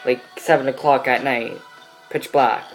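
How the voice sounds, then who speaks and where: A man's voice: medium pitch, fairly even intonation, unhurried, soft background music, rough recording. A teenage boy telling a personal story in a casual vlog, rambling with many fillers. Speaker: vlogger.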